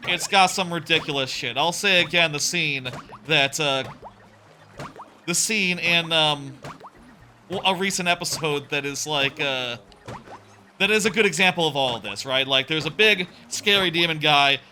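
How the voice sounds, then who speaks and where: Chatty young man with bright, sharp voice. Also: a little high. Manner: rambling, chatty, swears casually. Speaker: let's play host. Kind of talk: casual gaming commentary. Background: faint game music.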